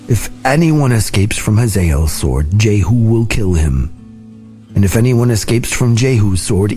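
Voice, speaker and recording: Un homme lisant la voix grave et calme de Dieu. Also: male voice, sits low. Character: calm, commanding male God.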